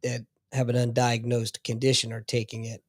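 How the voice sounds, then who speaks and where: A man co-hosting a podcast in casual chat, agreeing supportively and finishing his partner's sentences, often trailing off quietly. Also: medium pitch, monotone, normal speed, no room sound. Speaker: podcast co-host.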